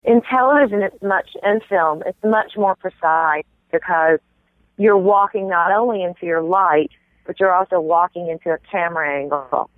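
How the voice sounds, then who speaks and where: This interview guest is a stage actress from the American South, talking casually and animatedly, often slipping into brief accent impressions. She has a lowish voice, there's no room sound, and the audio is dry and phone-like.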